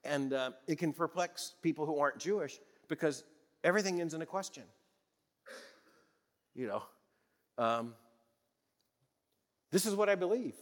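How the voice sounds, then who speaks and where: A man's voice: on the high side, big-room sound. A man in his sixties from the American South, preaching a sermon in a conversational, folksy way with chuckles and restarts. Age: 60s. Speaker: pastor.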